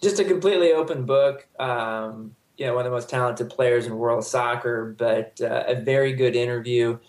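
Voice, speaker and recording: A man's voice: mid-range voice, normal speed. Man in a roomy space, talking soccer. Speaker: soccer journalist. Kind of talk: casual panel chat.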